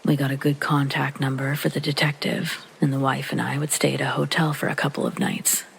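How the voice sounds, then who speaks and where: A man narrating a first-person horror story in a calm, low-key reading that often sinks to a soft whisper, with rain behind him. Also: brisk, creaky, a little hiss or hum, rough recording. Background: rain sounds.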